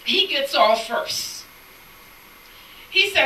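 A woman preaching a sermon, telling a lively story and acting out the people in it, sometimes shouting and laughing. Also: sits high, measured pace, long pauses. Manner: animated storytelling, acts out quoted people; shouts and laughs between lines. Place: church sanctuary. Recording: echoey church sound from a distant mic.

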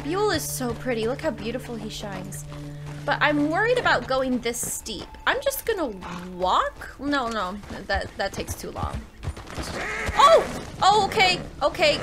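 A woman with a high voice provides casual commentary over a video game. She talks straight to her viewers, emotional and swearing freely. Game music plays clearly in the background. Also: big pitch swings, moderate pace. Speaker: gaming streamer. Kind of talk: casual let's-play commentary.

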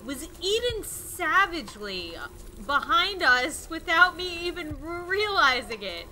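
A high-voiced young woman talks slowly through a video game, her pitch leaping all over the place. She drifts from soft sad musing to sudden shrieks of panic. Game music plays clearly beneath her. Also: big pitch swings. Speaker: gaming YouTuber. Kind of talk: let's play commentary. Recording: game music playing underneath.

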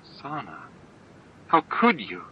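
A man's voice: medium pitch, wildly swooping pitch, slow pace, slight background noise, voice pushed up. A man reading an earnest, torn-up man. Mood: shocked. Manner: blunt, emotional, struggling. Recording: dull lo-fi homemade audiobook.

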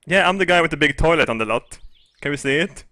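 Excitable crude man doing game commentary. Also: a little high, fast. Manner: excitable, crude, shrieks and laughs loudly. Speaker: gaming video host. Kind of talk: let's play commentary.

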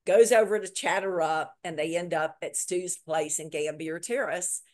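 Lower-voiced woman telling a story. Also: moderate pace. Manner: lively retelling that acts out quoted lines; repeats words for emphasis. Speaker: author guest. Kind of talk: storytelling in a video interview.

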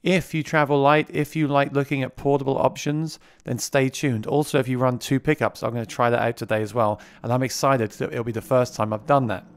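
A man's voice: mid-range voice, fairly even intonation, fairly quick, hardly any pauses, clean tone, no room sound. A man giving a casual product demo, talking into a vocal mic routed through the mixer he is reviewing, chatty and repeating words as he restarts. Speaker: gear reviewer. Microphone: vocal mic routed through the mixer being reviewed.

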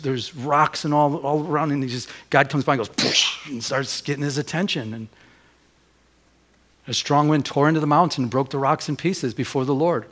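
A man preaching a sermon as pastor, putting questions to the congregation and moving between loud and hushed delivery. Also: fairly high pitch. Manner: asks the congregation rhetorical questions. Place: church during a Sunday service.

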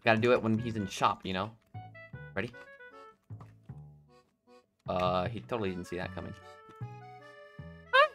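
A man giving excitable gameplay commentary, laughing often and talking to himself and his opponents. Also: on the low side, a little slow, pauses often, soft background music. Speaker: gaming YouTuber.

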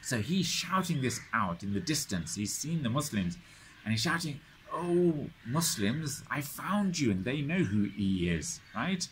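A man's voice: lowish voice, very animated, moderate pace, fairly bright tone, slight background noise. A man teaching a study circle, retelling history dramatically with many restarts and frequent checks of "right?". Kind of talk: lecture storytelling.

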